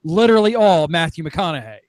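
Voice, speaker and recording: A woman's voice: on the low side, expressive, a little fast, a little mellow. A woman co-hosting a casual podcast chat, with wry, joking asides.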